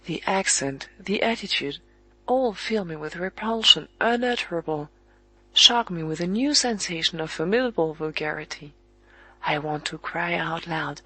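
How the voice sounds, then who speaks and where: Dry, measured audiobook narrator. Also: medium pitch, sharp tone, no echo, rough recording. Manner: measured, evenly paced reading with pauses at commas.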